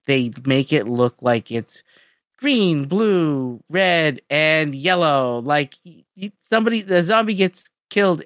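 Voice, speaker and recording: A podcast co-host in casual chat, recapping a story in an animated way with lots of "like". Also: medium pitch, no room sound, clean studio sound.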